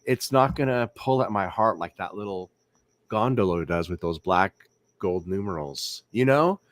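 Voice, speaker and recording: A man with a very low voice hosts a casual late-night livestream from home. He rambles, repeats himself and keeps asking his viewers whether they agree. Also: animated, moderate pace, dry recording. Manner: rambling, repeats words, asks viewers questions. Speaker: livestream host.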